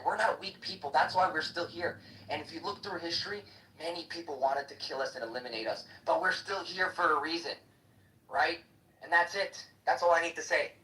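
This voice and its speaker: A man's voice: on the high side, pushed and bright. A man ranting combatively and profanely in a heated live debate on an audio chat app. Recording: echoey, distant livestream audio.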